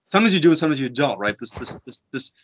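A man in a casual book discussion, explaining his views in an animated way, with lots of "like". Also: medium pitch, racing, a little hiss or hum. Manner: animated, filler-heavy explaining. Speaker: discussion participant. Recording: dull lo-fi sound.

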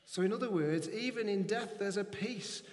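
Male preacher, slightly high voice, scripture reading, soft repeated lines, reverberant church hall. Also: moderate pace. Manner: reads scripture then repeats lines softly for emphasis. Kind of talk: sermon. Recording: echoey hall with long reverb.

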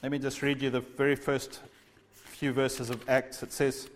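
A man's voice: medium pitch, level tone, moderate pace. A man preaching a sermon, speaking with emphasis and asking his listeners rhetorical questions. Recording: long hall reverb.

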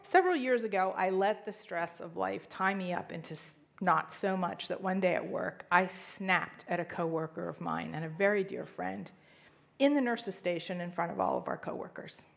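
A middle-aged woman gives a personal faith testimony in a low, gravelly voice. She tells her story earnestly, with emphatic rises in pitch. Her delivery has the feel of a heartfelt talk. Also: normal speed. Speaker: speaker sharing testimony.

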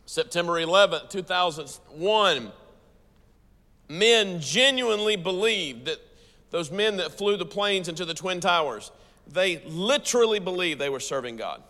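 A man with an American accent preaching a sermon to a church audience, talking fast and lively and turning to the crowd with questions. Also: high-pitched, long reverb tail. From United States. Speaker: pastor.

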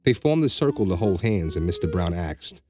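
A man narrating a bedtime story slowly and steadily, giving each character a voice. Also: deep voice, very animated. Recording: music bed behind the voice.

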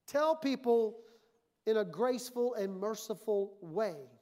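A woman's voice: a little high, expressive, takes it slowly, darkish tone. Emphatic woman pastor preaching a sermon. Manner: emphatic, conversational preaching that acts out quoted voices.

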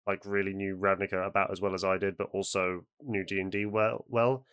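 Casual co-host: man, low resonant voice, dry close sound, eager rambling storyteller. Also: level tone, brisk, fairly bright tone, clear, resonant tone, no room sound. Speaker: podcast co-host and game master. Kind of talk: casual chat.

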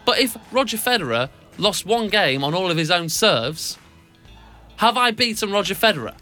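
A man co-hosting a casual radio show, teasing his partner, animated and laughing often. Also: high-pitched, moderate pace, faint music behind. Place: radio studio.

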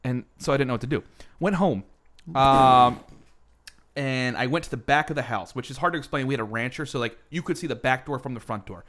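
A man's voice: mid-range voice, fairly quick, fairly bright tone. A man co-hosting a podcast, telling profane childhood stories in casual chat with frequent laughter. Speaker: podcast co-host.

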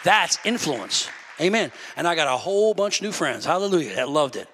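A man preaching to his church, storytelling that swells into loud, fervent preaching. His voice sits high and sounds bright and sharp. The sound carries a long reverb from the sanctuary. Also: big pitch swings, quick pace, some chatter behind, slight background noise. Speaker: pastor. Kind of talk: sermon.

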